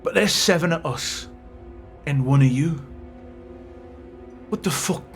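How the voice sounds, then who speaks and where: A man's voice: fairly high pitch, takes it slowly, faint music behind. A man voicing a crude, swaggering male sailor gang leader who sneers and swears. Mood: sneering, aggressive.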